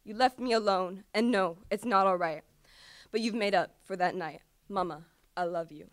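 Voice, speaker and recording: A woman's voice: medium pitch, moderate pace, dry recording. A teenage girl performing an impassioned, pleading slam poem with repetitive cries to her mother. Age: teens. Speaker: student poet.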